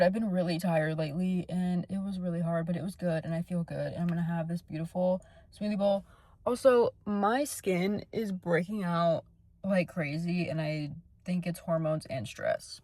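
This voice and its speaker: A woman's voice: on the low side, moderate pace, warm tone, dry recording. Bubbly, gushing young woman vlogging. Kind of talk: casual vlog chat to camera. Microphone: phone camera.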